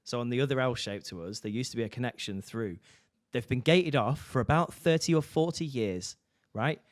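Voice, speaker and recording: A man's voice: medium pitch, moderate pace, no echo, clean studio sound. A man co-hosting a casual comedy podcast, swearing freely and acting out what other people say. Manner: sweary, acts out quoted voices. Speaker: podcast co-host.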